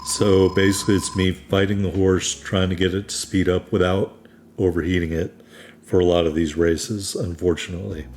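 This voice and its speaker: A man's voice: sits low, darkish tone. A man from New England giving casual, wry let's-play commentary on a racing game. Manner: casual, wry, self-deprecating. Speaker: gaming YouTuber.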